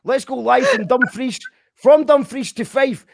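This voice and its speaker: Excitable high-pitched host. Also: male voice, a little slow, gravelly, no room sound. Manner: excitable, swearing, shouting when thrilled. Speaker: host of a live stream show. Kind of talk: casual live stream chat.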